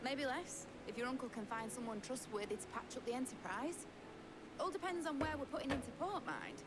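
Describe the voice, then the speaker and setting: A brash young ship captain, cheeky and blunt, high and bouncing all over, racing through her lines. A loud noise sits under the game audio. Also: lively intonation, fairly quick.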